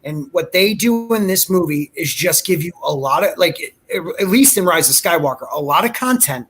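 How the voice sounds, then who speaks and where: A man's voice: a little high, expressive, moderate pace, fairly bright tone, husky. A man speaking emphatically as a podcast co-host, ranting in casual chat.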